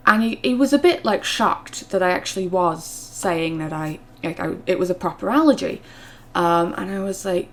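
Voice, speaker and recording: A woman's voice: mid-range voice, expressive, normal speed. A young woman, chatting through a storytime vlog with lots of fillers, her voice rising when she gets indignant. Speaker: vlogger.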